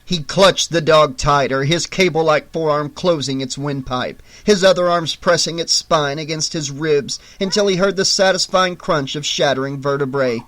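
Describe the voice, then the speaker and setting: A man narrating a horror novel audiobook in a steady, measured reading. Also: fairly high pitch.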